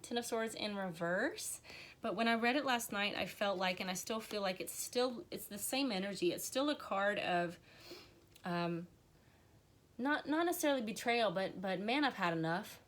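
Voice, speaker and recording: A woman in a live-streamed tarot reading, talking to her viewers with earnest encouragement. Her voice sits in an ordinary middle range, and her heartfelt, emotional delivery gives the reading its warmth. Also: mid-range voice, animated, normal speed. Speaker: tarot reader.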